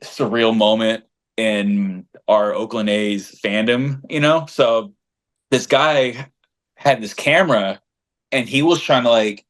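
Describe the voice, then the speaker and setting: Animated man telling a fan story. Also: lowish voice, takes it slowly. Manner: animated, slangy, emphatic storyteller. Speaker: podcast co-host and fan group leader. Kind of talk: casual podcast chat, storytelling.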